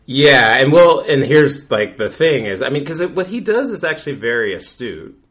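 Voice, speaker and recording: A man's voice: medium pitch, very animated, normal speed, fairly bright tone. A man co-hosting a podcast, recapping an episode in a rambling, casual way with many fillers and restarts. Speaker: podcast co-host.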